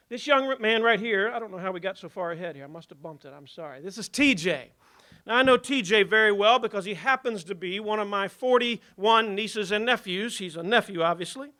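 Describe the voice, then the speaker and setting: A man's voice: sits high, bright, forceful tone. A middle-aged man from Virginia with a Southern accent, giving a folksy, conversational speech to an audience. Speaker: ministry leader.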